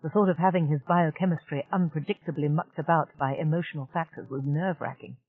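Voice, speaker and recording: A woman reading a novel aloud in an even, measured narration. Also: sits low. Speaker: audiobook narrator. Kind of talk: scripted narration. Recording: dry, tinny narrow-band audiobook.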